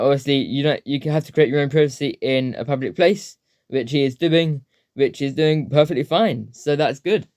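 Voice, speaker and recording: A man talks over a clip in reaction commentary, hedging and unsure of himself. His voice sits a bit high. The sound is dry and close. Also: a little mellow, no echo. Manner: hesitant, hedging, repeats "obviously". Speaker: reaction video host.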